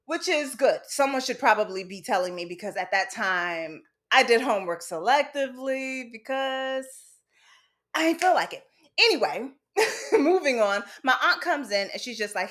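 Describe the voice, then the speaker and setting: A woman's voice: sits high, expressive, normal speed, a bit bright. A woman host telling a candid personal story from her childhood, casual and frank, with some swearing. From United States. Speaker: podcast host.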